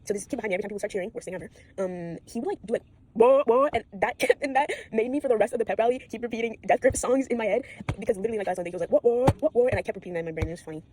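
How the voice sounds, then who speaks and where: Tired teen girl talking super fast into her phone at home, rambly, swears a lot, middle pitch. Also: warm tone, slight background noise. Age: teens. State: tired from an all-nighter. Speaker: vlogger. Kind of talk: rambling late-night vlog.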